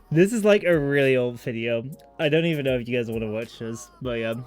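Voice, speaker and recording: A man's voice: medium pitch, animated, moderate pace. Guy from holland streaming, loose rambly chat, swears a lot, music playing behind. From Netherlands. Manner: rambling, swearing, self-mocking. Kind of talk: casual livestream chat.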